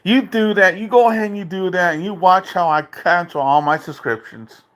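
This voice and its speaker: A man vlogging an angry, profane rant from a dark room at home, taunting and repeating himself. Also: high-pitched, normal speed.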